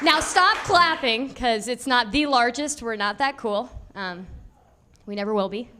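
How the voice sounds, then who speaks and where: A woman's voice: a little high, normal speed, over music. A young woman from Indiana doing a stand-up comedy set on a club stage, chatty and self-deprecating, laughing between her lines. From Indiana, USA.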